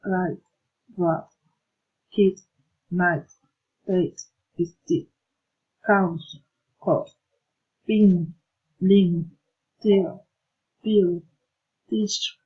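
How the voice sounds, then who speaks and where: Woman reading drill words real slow, husky voice, dull lo-fi recording. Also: lowish voice. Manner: slow, careful, one item at a time. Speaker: learner practicing English pronunciation. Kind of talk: reading word lists and drill sentences aloud.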